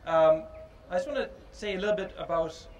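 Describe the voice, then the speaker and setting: A man speaking at an unveiling, his voice sitting a little high. He talks informally and thoughtfully, pausing often and filling gaps with ums as he goes. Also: muffled recording. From Ireland. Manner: halting and reflective, with many pauses and fillers. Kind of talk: informal public speech.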